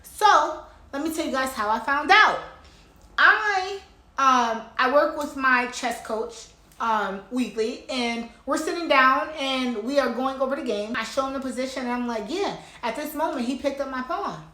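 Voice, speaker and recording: A woman talking casually through one of her own chess games, excited and repeating herself for emphasis. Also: sits high, unhurried. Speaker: chess player. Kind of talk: casual chess vlog commentary.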